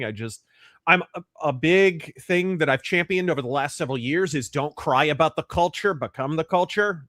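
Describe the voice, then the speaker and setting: A man ranting sardonically on a podcast, leaning hard on his emphatic lines. His voice sits at an ordinary middle pitch. The sound is dry and close to the mic. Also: fairly bright tone, no echo. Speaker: podcast guest, YouTube games commentator.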